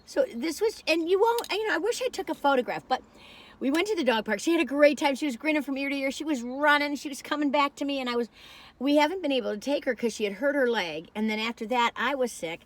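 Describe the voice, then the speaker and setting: A woman's voice: high-pitched, lively intonation, fast. A woman reviewing food in a casual vlog, chatting while she tastes and telling a rambling story that keeps losing its thread.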